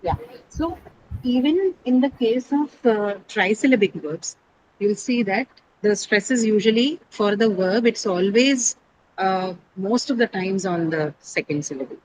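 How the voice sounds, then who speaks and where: A woman's voice: mid-range voice, animated, unhurried, background noise. A woman teaching English stress rules over a video call, explaining patiently, quizzing her students and often checking with "right?". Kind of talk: online class lecture.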